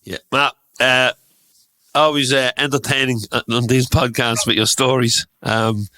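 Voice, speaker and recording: Male podcast host, bright and crisp, dry close sound, short interjections. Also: mid-range voice, little pitch movement, a little slow, no room sound. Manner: brief friendly interjections and sign-off. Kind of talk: casual podcast chat.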